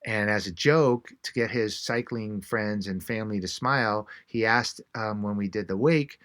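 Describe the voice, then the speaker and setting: A man's voice: normal speed, fairly bright tone, no room sound, studio quality, close to an everyday voice. A man voicing a chatty, friendly woman cyclist who gushes in a raised voice. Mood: fond. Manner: bubbly, gushing, high-pitched.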